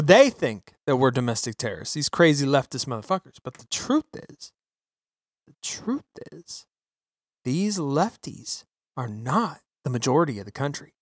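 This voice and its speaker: A man's voice: on the high side, moderate pace, no room sound, studio quality. Ranting, profane male podcast host. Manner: swearing, ranting, animated and emphatic. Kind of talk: profane political rant. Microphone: podcast microphone.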